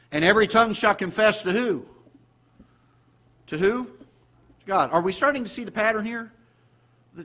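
Southern American pastor preaching, lively swings. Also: male voice, a little high, slightly rough. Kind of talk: sermon. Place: church auditorium.

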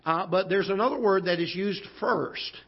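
A man preaching a sermon as pastor, unhurried and folksy with many fillers, slowing down to read scripture. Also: sits high, breathy edge. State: occasional cough. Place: church auditorium. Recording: dull lo-fi church broadcast audio.

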